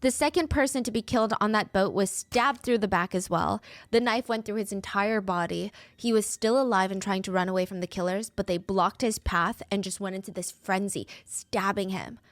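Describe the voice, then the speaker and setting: A woman's voice: mid-range voice, normal speed, no room sound. Woman telling a true crime story. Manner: dramatic, switches into voices for quotes.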